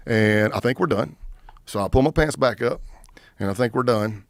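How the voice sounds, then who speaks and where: A retired FBI agent, middle-aged, is a guest on a casual podcast interview, animatedly telling a story and acting out the lines of the people in it. His medium-pitched voice runs at normal speed with no room sound.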